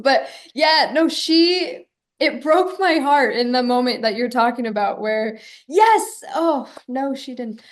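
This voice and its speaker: Upbeat high-voiced actress. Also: female voice, animated, measured pace. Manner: upbeat, enthusiastic. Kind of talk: press junket interview.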